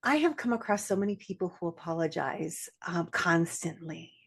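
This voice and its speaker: A woman's voice: on the low side, moderate pace, vocal fry, husky. A woman co-hosting a podcast, talking in an emphatic, candid way and often laughing between points. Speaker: podcast co-host. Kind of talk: casual podcast conversation.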